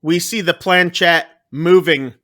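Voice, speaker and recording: Guy on a podcast going thru a movie plot, high bright voice, acts out the lines. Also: slow pace. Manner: animated, acts out character lines. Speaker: podcast host. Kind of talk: casual chat recapping a movie.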